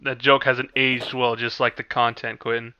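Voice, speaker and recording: A man's voice: mid-range voice, little pitch movement, normal speed, sharp tone, dull audio, slight background noise. A young man co-hosting a podcast, teasing his friend with crude jokes. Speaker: podcast co-host. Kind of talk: casual podcast banter.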